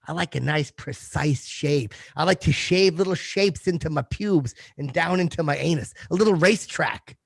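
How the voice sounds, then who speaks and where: Man, crude boastful comic host, high voice, gravelly, dry close sound. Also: moderate pace, few pauses, dry recording. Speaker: comedy podcast host. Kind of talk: crude comic ad read in character.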